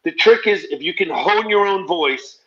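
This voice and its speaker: Guy comic rattling off stories fast, kinda high voice, muffled lo-fi sound. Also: expressive, fairly bright tone. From New Jersey, US. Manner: rapid, run-on storytelling with acted-out quotes. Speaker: stand-up comedian guest. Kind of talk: animated storytelling in a podcast interview.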